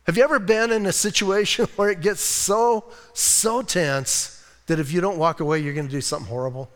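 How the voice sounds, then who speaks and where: A male pastor preaching a sermon in an animated, conversational way, acting out quotes and laughing often. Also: high voice, brisk, in a large hall.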